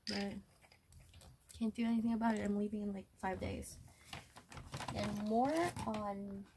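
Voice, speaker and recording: A woman's voice: medium pitch, level tone, measured pace. A woman chatting casually through a shopping haul vlog, rambling and correcting herself as she goes. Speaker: vlogger. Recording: background noise.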